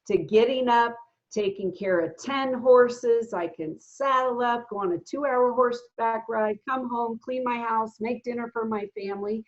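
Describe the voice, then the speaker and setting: A woman in her fifties telling her own recovery story in a casual, earnest way, often pausing with fillers and restarting her sentences. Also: a little high. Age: 50s. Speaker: guest sharing a recovery story. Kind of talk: casual spoken testimony. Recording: dull lo-fi sound.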